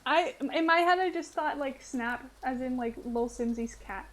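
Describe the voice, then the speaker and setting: A woman's voice: high voice, moderate pace. A woman streaming a game, chatting casually with her viewers and laughing often. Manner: giggly, chatty, answering chat. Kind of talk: casual gameplay chat.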